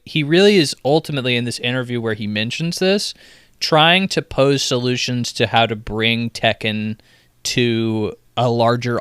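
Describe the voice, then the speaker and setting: A man co-hosts a casual gaming podcast, trading wry jokes with friends and slipping into mock grumpy voices. His mid-range voice is bright, forceful and clean, recorded in a clean studio with no room sound.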